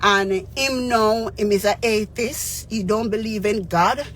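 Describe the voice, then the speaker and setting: A woman's voice: mid-range voice, unhurried, a little hiss or hum. Jamaican woman telling her story earnestly. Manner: earnest, mixes Jamaican Patois with English, checks in with "you understand?". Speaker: radio DJ and spiritual advisor. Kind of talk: emotional personal storytelling.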